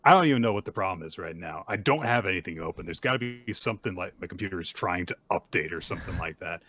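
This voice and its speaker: A man's voice: deep voice, quick pace. A man co-hosting a podcast, recapping manga chapters in casual chat with sarcastic asides and lots of filler words. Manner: animated, sarcastic retelling with frequent "like" and "uh". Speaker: podcast co-host.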